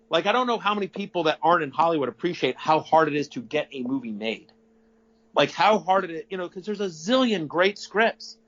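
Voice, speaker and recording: Middle-aged guy rambling through a story on an interview, kinda high voice, muffled audio. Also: fairly quick. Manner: animated, rambling, self-correcting, profane. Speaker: interview guest. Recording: dull lo-fi audio.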